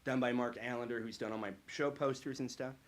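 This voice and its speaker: A male stand-up comedian telling stories in a lively way and acting out characters, then chatting in an interview on a live show. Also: mid-range voice, a little fast. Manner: animated storytelling, acting out characters in quotes.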